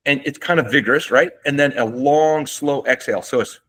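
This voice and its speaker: A man presenting a health webinar from his desk, with a voice of ordinary middle pitch. He explains in a relaxed, conversational way, often pausing on fillers and restarting his sentences. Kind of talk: webinar lecture. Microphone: seated at a desk.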